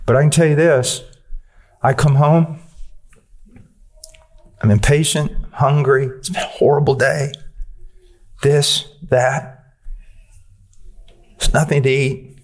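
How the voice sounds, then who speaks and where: A man's voice: on the high side, fairly even intonation, slow pace, long pauses, a little mellow. A man preaching a sermon, earnest and direct, pressing his listeners with questions and using blunt, dry humor.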